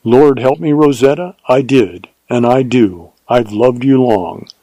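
A man's voice: medium pitch, dark tone, dry recording. A man voicing a devoted Texas ranger in a read-aloud western, speaking earnestly and a little huskily. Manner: earnest, husky, slow.

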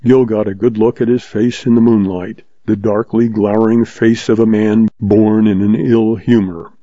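A man reads a western novel aloud in a steady, measured way. His voice sits low and mellow, and the recording is dry and dull, like an older lo-fi audiobook. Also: no room sound. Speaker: audiobook narrator. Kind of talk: scripted narration of a western novel.

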